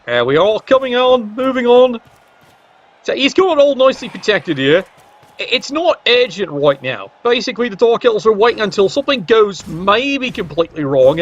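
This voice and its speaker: High-voiced guy calling a match, cracks dry jokes, kinda muffled lo-fi audio. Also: a bit bright. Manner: wry, joking asides. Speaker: game commentator. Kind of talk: play-by-play commentary. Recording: dull lo-fi recording.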